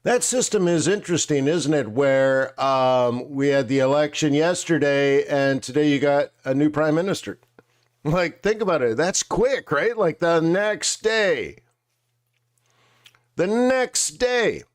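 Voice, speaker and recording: A man's voice: fairly high pitch, moderate pace. A man hosting a live market show, chatting casually and joking, eating and drinking on air. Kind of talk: casual live-stream chat.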